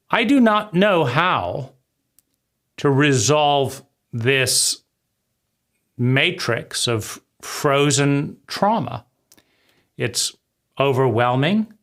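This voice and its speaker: A man's voice: mid-range voice, fairly bright tone. A man speaking in a raw, intense personal monologue, often swearing and asking "right?" after his points. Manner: occasional swearing. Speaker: video essayist.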